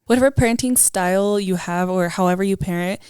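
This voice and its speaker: A woman's voice: mid-range voice, brisk, darkish tone, clean tone, no echo, studio quality. A young woman co-hosting a podcast in casual chat, supportive and agreeing often. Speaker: podcast co-host.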